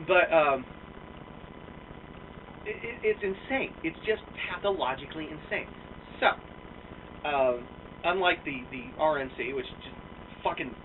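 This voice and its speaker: A man's voice: a little high, slight background noise. A man rants on a vlog with a profane, exasperated energy, his voice leaping up and down. He sits somewhat back from the mic, and the sound is thin and phone-like. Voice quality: profane, animated, exasperated ranting. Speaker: vlogger. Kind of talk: ranting political vlog. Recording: phone-like muffled sound from a distance.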